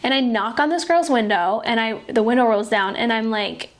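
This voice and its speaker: A young woman in her twenties speaks with a slightly high voice. She tells a personal faith story as a podcast host, chatty and earnest, with 'like' in nearly every phrase. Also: lively intonation, moderate pace. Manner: chatty, filler-heavy, frequent 'like'; earnest and heartfelt. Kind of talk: casual faith-based storytelling.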